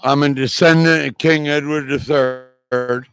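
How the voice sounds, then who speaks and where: A man's voice: a little high, fairly even intonation, measured pace, fairly bright tone, smooth, low-quality recording. A man from the United States, a moviegoer stopped for a street interview, who talks in a rambling, earnest way. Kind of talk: casual chat.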